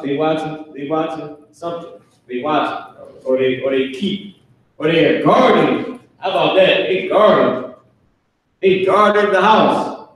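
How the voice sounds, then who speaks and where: A man teaching a live online language class, talking casually with slang and spelling out words slowly for students. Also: a little high, far from the mic. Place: classroom with a board. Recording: echoey room, off-mic.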